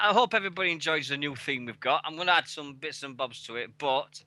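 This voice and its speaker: A man's voice: a little high, fast talker, few pauses, sharp tone, dry recording. A man in his forties hosting a radio show on a headset mic, chatting casually with lots of swearing and rambling. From England. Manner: sweary, rambling, laughing at himself.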